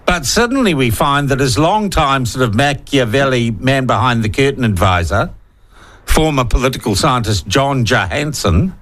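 A man's voice: mid-range voice, a bit bright. A man hosting a political radio discussion, pushing his guests with sardonic questions. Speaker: radio host.

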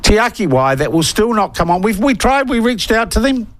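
A man's voice: high voice, big pitch swings, brisk, fairly bright tone, no echo. A New Zealand man hosting talkback radio, blunt and indignant, hammering his points by repeating them. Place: radio studio.

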